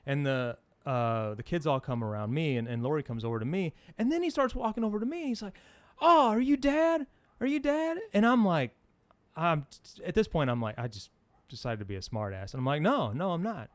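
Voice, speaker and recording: Lively middle-aged man telling a story. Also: medium pitch, a little fast, no room sound. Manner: animated storyteller, rambling with fillers. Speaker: podcast co-host. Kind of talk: casual chat.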